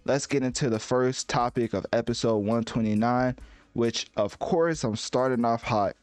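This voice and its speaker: A man's voice: medium pitch, moderate pace, a little mellow, dry recording, faint music behind. A man in his twenties hosting a solo podcast, talking in a laid-back, conversational way with many asides and fillers. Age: 20s. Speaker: podcast host. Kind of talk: casual solo podcast monologue.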